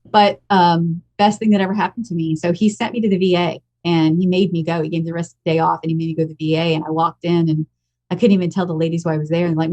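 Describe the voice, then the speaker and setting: A woman's voice: lowish voice, little pitch movement, fast, darkish tone. An American woman in her fifties, a podcast guest telling her own story in a frank, emotional and blunt way. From United States. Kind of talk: candid personal storytelling.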